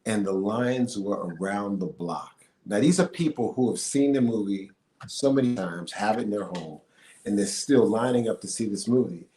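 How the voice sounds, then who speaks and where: A man's voice: lowish voice, moderate pace. A middle-aged man, an actor and singer, chatting as an interview guest, telling stories with lots of fillers and laughs. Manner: animated storyteller, laughs often, many fillers. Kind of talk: casual interview chat. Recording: echoey room with faint noise.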